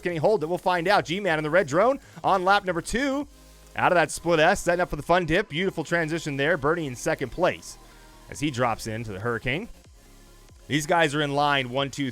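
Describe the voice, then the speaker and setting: A man giving energetic live play-by-play of a simulated drone race and chatting with viewers. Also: fairly high pitch. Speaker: esports race commentator.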